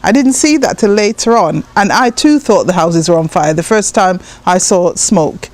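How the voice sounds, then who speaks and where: A woman from Jamaica, a poet, telling personal stories in an interview with an animated manner, acting out voices and laughing often. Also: fairly low pitch, normal speed. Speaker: guest, poet and writer.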